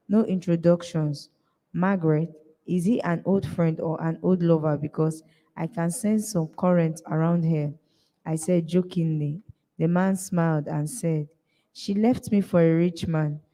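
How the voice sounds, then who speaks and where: A woman's voice: lowish voice, dark tone, big-room sound, low-quality recording. Nigerian woman reading a story aloud. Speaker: reader.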